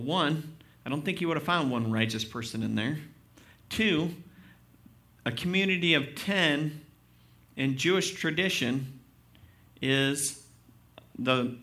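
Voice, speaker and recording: Male pastor with a slightly high, bright voice, preaching a sermon, reads scripture with building emphasis and talks straight to the congregation. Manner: preaching with rising emphasis while reading scripture aloud; conversational asides and questions to the congregation.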